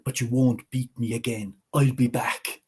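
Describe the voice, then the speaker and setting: Death, a man voicing a husky grim spirit. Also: level tone, measured pace, darkish tone. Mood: stern. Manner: stern demands that turn to high-pitched begging. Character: Death, a grim male spirit, angry and then pleading.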